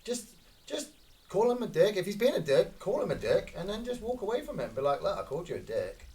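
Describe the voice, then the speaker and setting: A Scottish man giving casual, excitable gameplay commentary, swearing and reacting loudly to each kill. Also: high voice, fairly quick, slight background noise. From Scotland. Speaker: gaming streamer.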